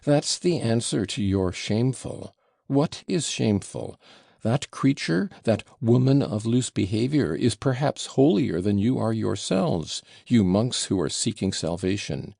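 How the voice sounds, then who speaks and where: A man voicing a shrill, blustering old male buffoon who yells and splutters breathlessly. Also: lively intonation, measured pace, gravelly, no echo, studio quality, exaggerated voice. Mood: ranting.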